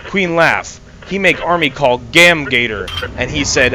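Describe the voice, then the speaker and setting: A man's voice: medium pitch, measured pace, noisy background. A man reading a nonsensical fan story aloud in mock earnest and laughing at it now and then. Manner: reads absurd text in mock earnest, breaking into laughter. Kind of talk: amused dramatic reading.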